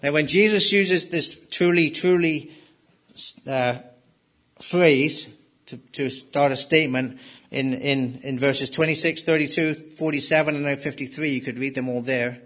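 Male pastor, husky and a touch high, emphatic sermon delivery. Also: fairly even intonation, unhurried, fairly bright tone. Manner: emphatic, rises and drops sharply for stress.

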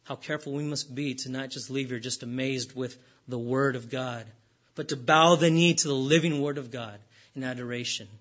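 A man preaching a sermon in an earnest way, rising for emphasis and then dropping low and slow. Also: steady tone, a bit bright.

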